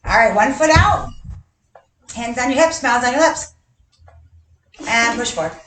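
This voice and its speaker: Upbeat woman coach leading a live kids' workout class, slow unhurried delivery, heard from across an echoey gym. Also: fairly high pitch, animated, a bit bright, distant mic, slight background noise. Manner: cheerful, counts reps aloud, chuckles often. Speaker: gymnastics coach. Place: large gym. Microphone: camera a distance away.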